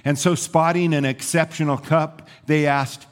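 A man's voice: fairly high pitch, fairly even intonation, unhurried, hardly any pauses, smooth. A male pastor preaching a sermon, telling a story and then earnestly encouraging his listeners.

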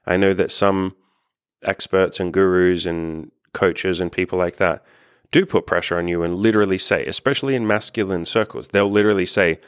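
A man with a low, deep voice talks straight to the listener like a coach, blunt and encouraging, with the odd swear word dropped in. The recording is close and dry with no room sound. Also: clear, resonant tone, no echo. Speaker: dating and life coach. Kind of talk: casual self-help monologue.

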